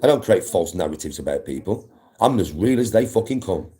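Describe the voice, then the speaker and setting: A man hosting a livestream, pouring out a swearing, combative rant at his viewers. His voice sits low and dark, and it swings widely up and down as he pushes his point. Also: lively intonation, brisk. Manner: aggressive, swearing, defiant. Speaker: livestream host. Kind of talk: ranting to live viewers.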